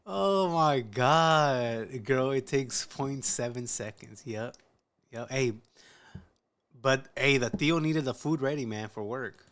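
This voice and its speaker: This man speaks slowly at a medium pitch, and his voice is slightly bright. As a reaction host, he comments loosely on a clip, swears easily, and calls everyone dude and bro. He stays relaxed and conversational throughout.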